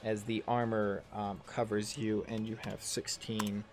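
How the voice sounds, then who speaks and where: A man's voice: fairly low pitch, level tone, a little slow, music in the background. A man in his thirties narrating a tabletop game as game master and player, rambling with many ums and self-corrections, and swearing casually. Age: 30s.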